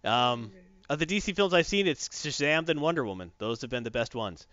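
Lively guy chatting about a movie, smooth clear voice, dull lo-fi dry sound. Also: mid-range voice, brisk, no echo. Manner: animated, acts out scenes in funny voices. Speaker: podcast co-host. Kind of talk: casual movie review chat.

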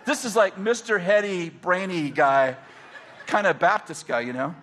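Middle-aged pastor guy, pretty high voice, keeps laughing thru his stories, super animated. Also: measured pace, a little hiss or hum. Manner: animated, laughs often while telling stories. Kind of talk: casual storytelling.

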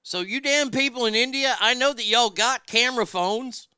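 A man's voice: very high voice, moderate pace, pushed and bright, smooth, dry recording, clean studio sound. A man, telling blunt, profane comic stories in a casual chat. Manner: profane, blunt, drawling storyteller. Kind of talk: casual comedic storytelling.

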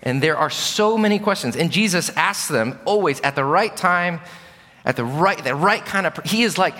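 A man's voice: on the high side, lively intonation, moderate pace, pushed and bright, faint music behind. A middle-aged male pastor preaching a sermon with earnest, candid storytelling. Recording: long reverb of a large hall.

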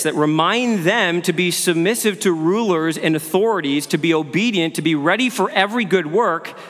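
A male pastor giving an earnest sermon, asking his listeners questions and often repeating words as he goes. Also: high voice. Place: church sanctuary. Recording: long hall reverb.

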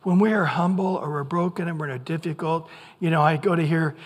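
An older American pastor delivers a lively sermon, slipping in acted-out voices as he goes. His voice sits high for a man. It rings out with the long reverb of a church sanctuary. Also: brisk. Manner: animated preaching with acted-out voices.

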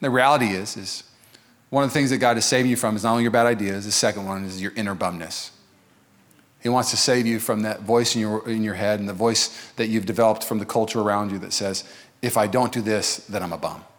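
A man preaching a sermon as pastor, animated and joking, acting out quoted voices. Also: lowish voice, fast. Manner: animated, jokey, acts out voices of others.

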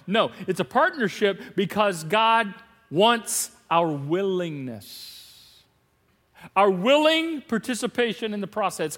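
Animated high-voiced male pastor. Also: in a large hall. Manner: animated, acts out biblical dialogue with laughs. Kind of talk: sermon. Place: large church hall.

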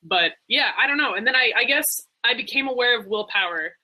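A woman co-hosting a podcast in casual, animated chat, full of "like" and "um". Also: on the high side, fairly quick, rough recording. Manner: chatty, animated, fond of "like" and "um". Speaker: podcast co-host.

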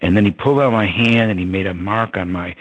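An older man as an interview guest, telling a personal story in a reflective way, chuckling now and then and pausing on fillers. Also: low voice, breathy edge, highs cut off.

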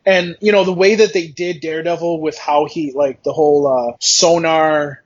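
A man's voice: on the high side, steady tone, normal speed, husky, dull audio. A man co-hosting a casual podcast, eager and profane, often repeating what he says to others. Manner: enthusiastic, profane, quotes himself. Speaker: podcast co-host.

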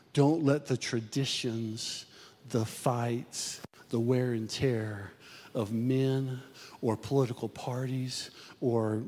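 A man's voice: medium pitch, darkish tone, big-room sound. A middle-aged male pastor preaching a sermon, with emphatic rises and sudden drops in his delivery.

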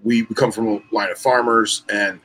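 Husky-voiced man, relaxed chat. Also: lowish voice, normal speed, low-quality recording. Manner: relaxed, lots of "you know". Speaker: podcast guest. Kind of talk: casual podcast chat.

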